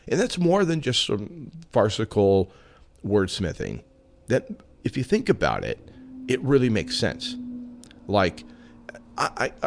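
A man hosting his own radio show, telling jokes and musing in a casual, reflective monologue. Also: lowish voice. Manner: joking and reflective, lively delivery.

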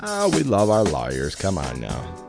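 A man's voice: sits low, moderate pace, vocal fry, over loud music. A man hosting his own radio show, telling jokes and musing in a casual, reflective monologue. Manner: joking and reflective, lively delivery.

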